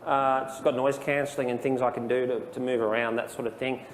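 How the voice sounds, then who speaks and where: A man giving a casual, explanatory software training presentation to a live audience in a room. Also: mid-range voice, little pitch movement, a little fast, in a large hall, slight background noise. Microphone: handheld dictation microphone.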